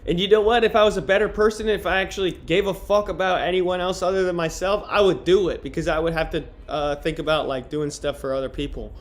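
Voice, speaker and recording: Young male streamer, crude and rambling, reads a novel aloud; light, slightly high voice. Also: fairly even intonation, fast talker, few pauses. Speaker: streamer reading a book aloud. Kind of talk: casual livestream chat and reading aloud.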